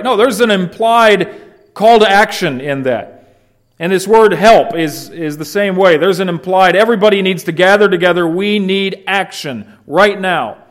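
A man's voice: on the high side, moderate pace. A man preaching a sermon, explaining a passage verse by verse with rhetorical questions and acted-out quotes. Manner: animated, rhetorical questions, acts out quoted shouts. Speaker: pastor. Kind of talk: expository sermon.

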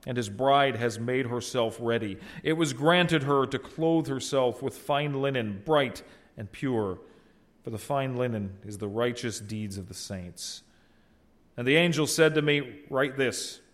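Guy preaching a sermon, reads scripture, earnest, gets loud on the big words then drops way down. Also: medium pitch, normal speed. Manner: earnest, rises loud on exclamations, drops soft at line ends. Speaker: pastor. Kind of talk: expository sermon with scripture reading.

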